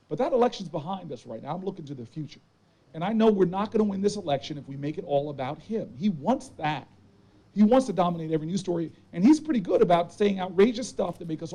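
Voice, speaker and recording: A man's voice: high voice, dark tone, rough recording. A man in his forties from New Jersey, a politician giving a campaign speech outdoors, telling stories with preacher-like repetition. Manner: folksy storytelling with preacher-like repetition.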